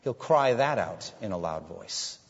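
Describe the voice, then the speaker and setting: A man preaching a sermon, swinging from loud proclaiming to hushed asides. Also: fairly low pitch, expressive, a little slow, slightly rough. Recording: dull audio with long hall reverb.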